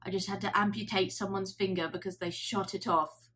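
A brisk elderly man with a South African accent speaks in a hushed half-whisper, blunt and matter-of-fact, as a non-binary vlogger puts him on. The voice sits a little higher than the vlogger's own. It has a sharp, bright edge. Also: steady tone, slight background noise.

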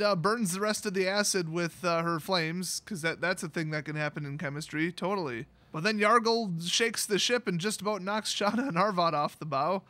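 A man with a high, bright, sharp voice casually recaps a fantasy story for his channel. He rambles with plenty of fillers and throws in sarcastic, irreverent jokes as he goes. The sound is close and dry. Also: dry recording. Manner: loose, rambling delivery with many fillers. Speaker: YouTube host recapping a story.

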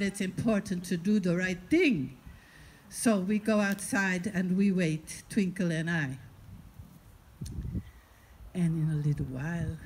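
A woman performing a stand-up comedy story on stage, chatting with the audience and dropping deadpan asides. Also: medium pitch, background noise.

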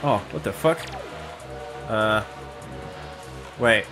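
A man's voice: fairly low pitch, very slow. Profane joking man over game music. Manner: profane, joking, talks to himself. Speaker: gameplay commentator. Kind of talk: casual let's play commentary. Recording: game music loud behind.

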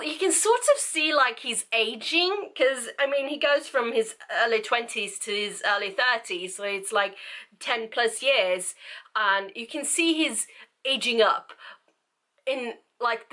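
Woman book vlogger, casual rambling delivery, bright tone. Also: a little high. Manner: rambling, self-interrupting, laughing often. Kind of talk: casual chat to camera.

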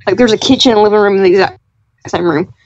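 A woman's voice: mid-range voice, quick pace. A young woman chatting casually as a podcast guest, rambling through stories and giggling often. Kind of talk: casual chat. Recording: dull dry lo-fi mic.

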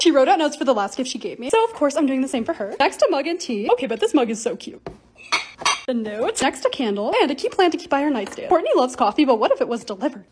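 A woman's voice: high voice, darkish tone. A woman in her twenties narrating a casual lifestyle vlog, bubbly and gushing over cute things. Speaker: lifestyle content creator.

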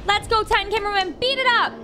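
A woman hosting a reaction video, excitable, gasping often and talking to her viewers as she watches an animation. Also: extremely high pitch, a little fast, background noise.

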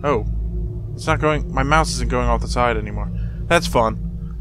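A man's voice: medium pitch, moderate pace, long pauses, fairly bright tone, soft background music. A man giving joking let's-play commentary on a horror game, talking back to the game with jumpy exclamations. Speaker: gameplay streamer.

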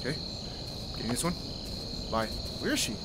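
A man commentating a horror game for his channel, excitable, often yelling and swearing in panic. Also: mid-range voice, normal speed, background noise. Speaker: gaming YouTuber. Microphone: headset or desk mic, no face cam. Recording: music playing behind.

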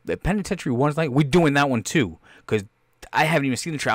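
A man hosting a podcast, reacting casually to a movie trailer in a rambling, excitable, profane way. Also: medium pitch, quick pace, no room sound. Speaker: podcast host.

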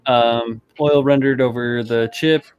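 A man's voice: medium pitch, fairly even intonation, slow pace, smooth, dull audio. A man hosting a casual hobby stream, chatting loosely and swearing offhandedly while he shows a model build. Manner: laid-back, rambling, swears casually. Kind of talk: casual chat on a group stream.

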